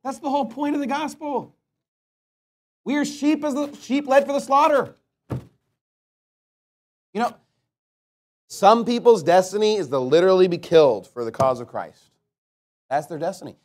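High-voiced man preaching a blunt sermon. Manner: blunt, emphatic preaching with swings between loud and quiet; reads scripture in slow, solemn tones. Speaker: pastor.

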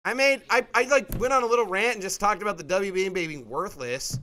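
A young man preaches a sermon in a high voice. He is emphatic and forceful and often pushes up into sharp, rising outbursts. His tone is bright and edgy. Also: fast talker, a little hiss or hum.

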